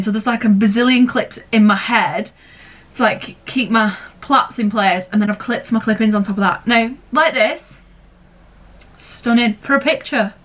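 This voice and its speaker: Woman, home vlog, rambling casual chat, mid pitch, echoey room. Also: a bit bright, recorded from a distance. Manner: chatty, rambling, lots of "like". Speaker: vlogger. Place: at home indoors. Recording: roomy sound from off-mic.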